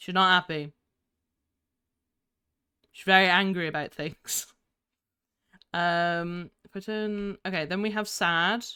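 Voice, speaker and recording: Casting: young woman streamer, bright and crisp, giggly chatter, sounds a bit sleepy. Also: lowish voice, steady tone, slow, pauses often. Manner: giggly, chatty, easily distracted. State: tired. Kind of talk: casual live-stream chat.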